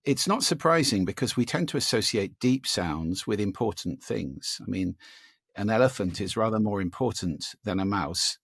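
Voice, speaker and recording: A man being interviewed about voice and listening, talking in an animated, demonstrative way and trying out vocal examples as he explains. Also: fairly low pitch, moderate pace, dry recording. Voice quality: gravelly, husky. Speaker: guest, speaker on voice and listening.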